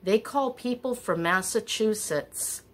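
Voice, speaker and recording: A middle-aged woman telling stories in a chatty, wandering way with animated asides. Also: mid-range voice, takes it slowly. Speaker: vlogger. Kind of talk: casual storytelling.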